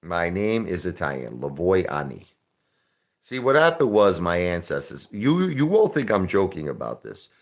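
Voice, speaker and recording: Brash, very low-voiced male streamer. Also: huge pitch swings, normal speed. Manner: brash, combative, repetitive. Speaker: live-stream host. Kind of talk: casual live-stream rant.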